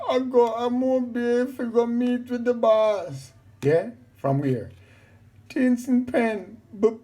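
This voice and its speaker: Woman, storybook reader, high voice, very slow, sound effects. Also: warm tone.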